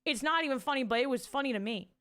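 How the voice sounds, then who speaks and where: A woman's voice: high voice, rapid-fire, a bit bright. A young woman streaming from home, chatting casually with her viewers, reading chat aloud and swearing freely into a desk mic with a pop filter.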